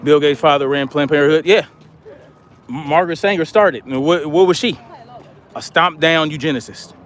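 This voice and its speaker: A man's voice: fairly high pitch, moderate pace, fairly bright tone. A man hosting a livestream, reading viewer comments aloud and answering them in casual chat. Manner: reads viewer comments aloud and responds conversationally.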